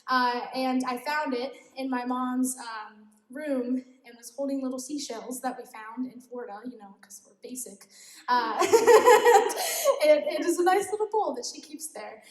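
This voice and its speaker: A young adult woman gives an informal youth devotional in an echoey room, giggly and self-deprecating, laughing often as she talks. Her voice is high-pitched and a little slow.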